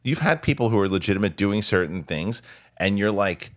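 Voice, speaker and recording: A man hosting a casual podcast chat, talking animatedly and jumping up in pitch whenever he quotes other people. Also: brisk. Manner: animated, jumps in pitch when quoting others. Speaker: host.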